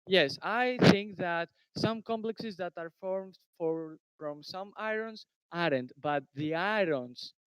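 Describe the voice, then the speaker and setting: A man's voice: high-pitched, slow pace, hardly any pauses, a bit bright, smooth, no room sound, low-quality recording. A teenage boy giving earnest, formal answers in a student science debate over a video call. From Greece. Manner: earnest, formal, repeats phrases. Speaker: presenting student in a science tournament.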